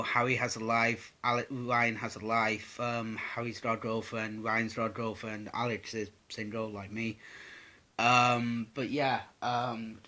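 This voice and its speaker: A man's voice: mid-range voice, sharp tone. A young man answering viewer questions in a casual vlog, rambling and swearing with lots of "um"s. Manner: rambling, sweary, many fillers.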